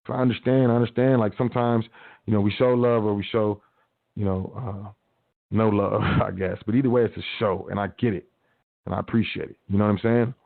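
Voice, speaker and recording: A man with a lowish, creaky voice hosts a radio show, dishing out easygoing motivation in a slangy big-brother manner and performing little quotes. No echo is present, but the sound is tinny and phone-like.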